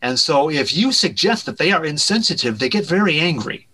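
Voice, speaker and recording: A man with a fairly high, bright voice tells a wild backstage story as an interview guest. He is animated and lets his voice drop low at each punchline. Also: a little fast, breathy edge, rough recording. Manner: animated anecdote-telling, drops pitch at punchlines. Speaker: guest, director and writer.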